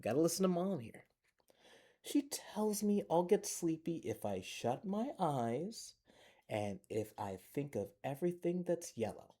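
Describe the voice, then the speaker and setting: Animated man reading a bedtime story. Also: on the high side, unhurried. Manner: animated, chatty asides to young listeners. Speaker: library storyteller. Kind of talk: reading a children's picture book aloud.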